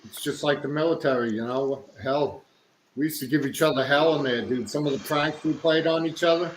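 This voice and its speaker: A man's voice: on the high side, a little fast, a little hiss or hum. A man with a Northeastern US accent, chatting casually and laid-back, calling his friend bro and dude. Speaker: veteran chatting. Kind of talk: casual chat. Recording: echoey room with faint ambience.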